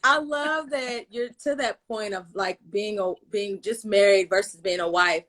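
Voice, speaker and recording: Bright, playful woman host. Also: mid-range voice, unhurried. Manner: playful, reads viewer comments aloud. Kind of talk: casual chat on a virtual show.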